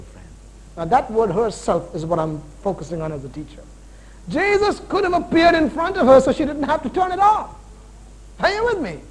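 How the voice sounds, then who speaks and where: A man in his forties preaching a sermon, animated, swinging between loud emphasis and quiet, slow points. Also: very high voice, low-quality recording. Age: 40s.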